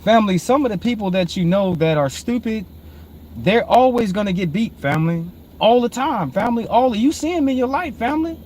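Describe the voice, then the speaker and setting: A man, hosting and preaching informally on proverbs, repeatedly calling listeners "family", swinging between low murmured reading and loud emphatic preaching. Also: lively intonation, brisk, slight background noise. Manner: repetitive, calls listeners "family". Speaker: host.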